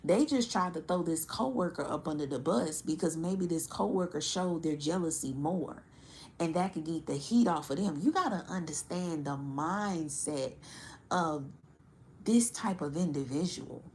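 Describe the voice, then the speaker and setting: A woman giving a casual tarot reading to her audience, blunt and profane, animated and laughing often. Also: sits low, normal speed, a little hiss or hum. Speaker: tarot reader.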